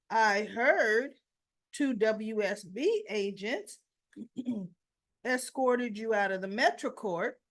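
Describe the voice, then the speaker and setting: A woman recapping soap opera scenes in a casual, chatty way, retelling the dialogue line by line. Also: a little high.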